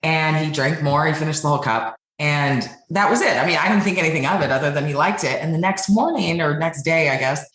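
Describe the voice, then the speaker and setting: A middle-aged woman guest from Denver telling her founding story in a lively, casual way, acting out the voices she quotes. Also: low voice, brisk, few pauses, echoey room. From Denver, United States. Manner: animated, acts out quoted voices. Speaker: podcast guest, beverage company founder.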